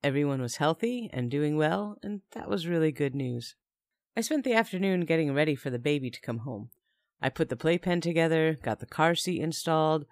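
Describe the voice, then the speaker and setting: A woman's voice: sits low, animated, fairly quick, a little mellow, dry recording, studio quality. A young woman narrating a first-person story in a chatty tone with wry asides.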